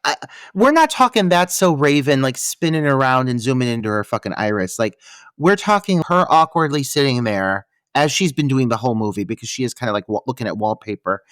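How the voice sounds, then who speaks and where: Sarcastic, profane man with a lively voice. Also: mid-range voice, a little fast, no room sound. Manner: sarcastic, profane, exaggerated retellings. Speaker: podcast co-host. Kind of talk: casual movie-review chat.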